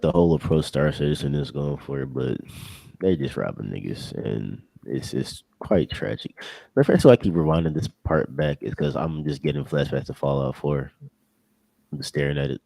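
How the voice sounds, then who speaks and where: Deep, gravelly male co-host with a lively pitch, exasperated and profane, recorded dry and close. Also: normal speed, dry recording. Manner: animated, exasperated, swears. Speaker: podcast co-host. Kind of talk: casual gaming chat.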